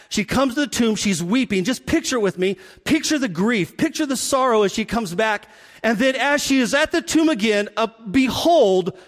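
High-voiced man preaching in a reverberant hall. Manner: animated storytelling, drops to a hush for emphasis. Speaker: pastor. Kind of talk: sermon.

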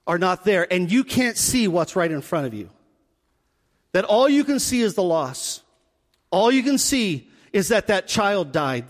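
A high-pitched man preaching a sermon in a church. He tells the story with animated energy and sinks to a near hush for emphasis. His voice carries a long reverb through the sanctuary. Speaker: pastor.

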